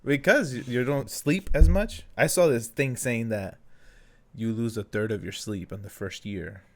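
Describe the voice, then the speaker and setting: A man co-hosting a podcast as a new father, talking in a casual, halting way, with plenty of fillers, a few Spanish words, and his own past thoughts acted out. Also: mid-range voice. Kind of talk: casual chat.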